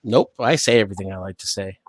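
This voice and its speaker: A man's voice: on the low side, fast talker, no echo, clean studio sound. A man from the United States arguing bluntly and swearing in a casual livestream debate. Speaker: panelist.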